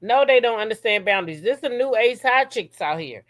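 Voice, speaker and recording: A woman's voice: fairly high pitch, expressive, brisk, dry recording. A woman hosting a casual gossip commentary show. She talks straight at her viewers, blunt and profane, and keeps checking in with "okay?". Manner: reads a long text message aloud.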